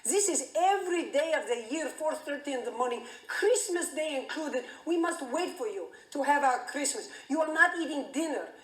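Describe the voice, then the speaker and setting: A woman's voice: sits high, animated, moderate pace, few pauses, reverberant, pitched above the performer's own voice, rough recording. A woman doing her doting father. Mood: exasperated. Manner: theatrical, doting, then blustering. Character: emotional, grandiose immigrant father, middle-aged man.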